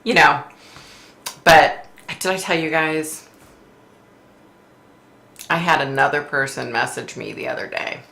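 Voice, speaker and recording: A woman's voice: sits low, unhurried, creaky, pauses often, bright, forceful tone, echoey room. A woman who is a psychic medium, hosting a casual livestream chat, chatty and laughing often as she reads comments aloud.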